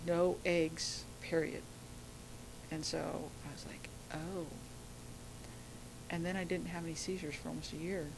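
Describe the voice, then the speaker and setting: Middle-aged woman, low-pitched, lively storyteller, faint rumbling noise behind. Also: gravelly, low-quality recording. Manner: animated storytelling, acting out quoted voices. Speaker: guest. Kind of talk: telling a personal story.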